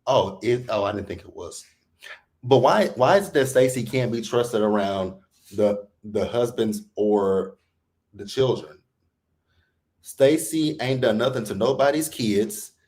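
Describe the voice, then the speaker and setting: Male reality TV recap host, AAVE speech, mid-pitched, profane and exasperated, rants hard. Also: unhurried. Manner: profane, animated, exasperated, quotes people in put-on voices. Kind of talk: heated casual recap rant.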